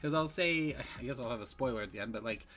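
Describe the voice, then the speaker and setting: A man's voice: mid-range voice, fast, fairly bright tone, soft background music. A man giving a casual, rambling movie review, full of fillers and restarts.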